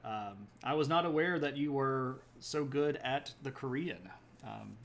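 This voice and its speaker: A man's voice: mid-range voice, vocal fry, slight background noise. A man hosting a history livestream in a rambling, self-correcting way, chatting with viewers between points. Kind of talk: casual livestream talk.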